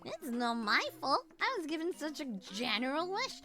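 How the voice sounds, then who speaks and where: A calm cartoon wish-granter, literal-minded and dry, voiced by a woman. The voice is pitched high but lower than the others, and it sounds bright. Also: moderate pace, faint music behind, exaggerated voice. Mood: deadpan.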